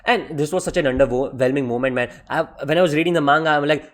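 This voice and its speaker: A man giving a casual vlog review of manga, excitable and profane, tossing "man" into nearly every sentence and slipping into mocking voices. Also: fairly high pitch, fast.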